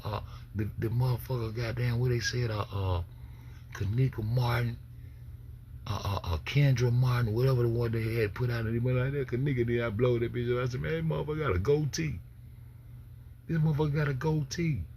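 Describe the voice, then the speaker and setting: A man with a gravelly, creaky voice talks loosely over a video for his chat, swearing freely and restarting his sentences. His pitch sits in a middling range, and faint noise hangs behind him. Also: mellow. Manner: loose, profane, rambling with many restarts. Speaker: streamer reacting to a video. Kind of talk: casual livestream commentary.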